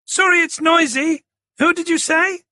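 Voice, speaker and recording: A man voicing a flustered woman floor manager who shouts to be heard. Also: very high voice, big pitch swings, moderate pace, husky, no echo, clean studio sound, pitched above the performer's own voice, heavily acted.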